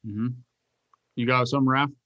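A man, a military veteran, earnestly telling a personal story as a podcast guest, halting and restarting often. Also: medium pitch, fairly even intonation, bright, forceful tone, lo-fi sound.

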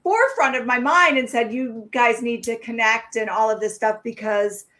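A woman with a fairly high voice hosts a relaxed podcast conversation. She talks in an encouraging, reflective way, often restarting her sentences mid-thought. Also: normal speed. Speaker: podcast host. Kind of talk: casual interview chat.

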